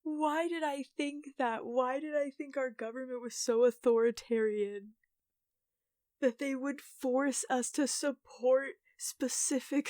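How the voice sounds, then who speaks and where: Young woman, casual storytime vlogger, slightly high voice, self-deprecating and full of fillers. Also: takes it slowly, darkish tone, no room sound, clean studio sound. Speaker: YouTuber.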